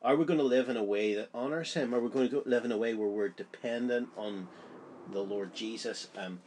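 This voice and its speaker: A man's voice: medium pitch, fairly quick, a little mellow. A man giving a Bible study, explaining a chapter in an earnest, conversational way. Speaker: Bible teacher.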